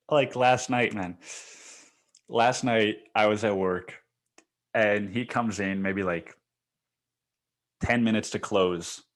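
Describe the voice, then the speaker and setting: Low-voiced, swearing podcast host. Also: male voice, drawn-out words, pauses often. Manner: profane, laughing storyteller. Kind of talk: casual monologue.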